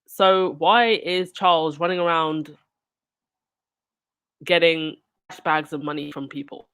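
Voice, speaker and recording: A woman's voice: sits low, steady tone, slow, fairly bright tone, clear, resonant tone. Sarcastic woman commenting on royal news. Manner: sarcastic, indignant asides. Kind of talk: reading news aloud and commenting.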